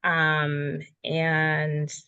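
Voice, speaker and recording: A woman's voice: deep voice, completely flat delivery, very slow, bright, forceful tone, clean tone, no room sound. A woman introducing herself on a video call, apologetic and hesitant. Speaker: community group member. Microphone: laptop on video call. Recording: dull, dry laptop audio.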